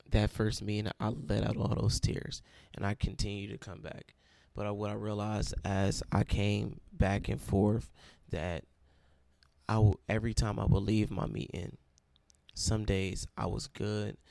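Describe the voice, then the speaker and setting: Sharing his testimony, a young man speaks in a low, gravelly, slightly mellow voice, telling his story earnestly and repeating phrases for emphasis. The sound is close and dry, without echo or any room sound.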